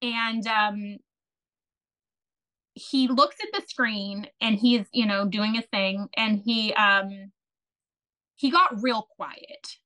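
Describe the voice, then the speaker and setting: Bright, chatty woman podcast guest. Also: medium pitch, slow, long pauses. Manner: chatty and animated, with many fillers and restarts. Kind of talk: casual storytelling.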